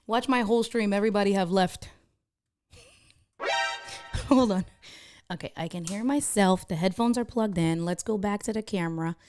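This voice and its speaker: Smooth-voiced woman streamer chatting with viewers. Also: mid-range voice, moderate pace, pauses often, a little mellow, soft background music. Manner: chatty, reacts to viewer comments; laughs often. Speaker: live streamer. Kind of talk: casual live stream chat. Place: home streaming setup. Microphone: desk streaming mic through a mixer.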